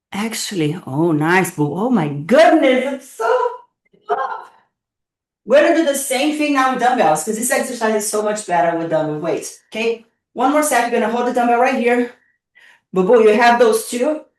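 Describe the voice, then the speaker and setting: Playful workout coach in an echoey room. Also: female voice, mid-range voice, far from the mic. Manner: playful, encouraging coaching with counting and cheers. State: out of breath. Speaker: fitness instructor. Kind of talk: live online workout class.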